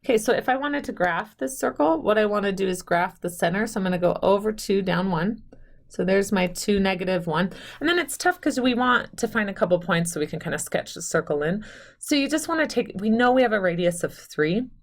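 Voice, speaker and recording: A woman, married with children, teaching math in a recorded video lecture, chatty and self-deprecating, talking straight to her students and counting softly to herself as she draws. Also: medium pitch, animated, brisk, vocal fry. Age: adult, married with children. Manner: counts aloud softly while drawing. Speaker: math instructor.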